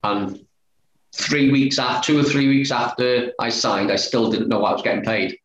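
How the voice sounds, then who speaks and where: As a guest, a former footballer chats through a story, quoting the conversation line by line with "he said, I said." He has a medium-pitched, fairly bright voice at normal speed. The highs are cut off, and the audio carries roomy echo and faint noise.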